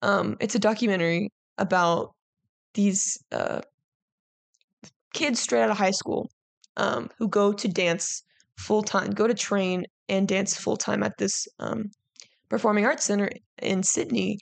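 A woman's voice: mid-range voice, fairly even intonation, unhurried, gravelly, no echo. A woman hosting a solo podcast, chatting casually and frankly, full of "like" and the odd swear word, heartfelt and emotional as she reflects. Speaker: podcast host.

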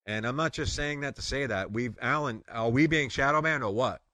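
A man's voice: medium pitch, a little fast, no room sound. A man with a New York accent hosting a Christian online radio show, chatting and joking with guests. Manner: joking, rambling, loud sign-offs. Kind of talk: casual chat.

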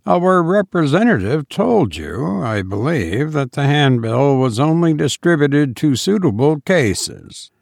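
Man reading a suave, measured undertaker, slow, gravelly, politely sinister, storybook style. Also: medium pitch, lively intonation, darkish tone, no room sound, clean studio sound. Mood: suave, pleasant.

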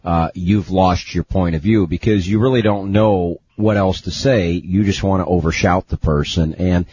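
A man's voice: deep voice, fairly even intonation, moderate pace, a little mellow, lo-fi sound, slight background noise. A man co-hosting a radio talk show, agreeing with the host in a hesitant way full of fillers. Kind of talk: casual radio chat.

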